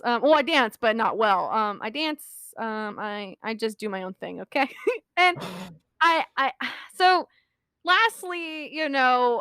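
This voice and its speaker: Giggly high bright-voiced woman. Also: smooth, no echo. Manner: rambling and giggly, laughs often mid-sentence. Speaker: podcast co-host. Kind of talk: casual storytelling chat.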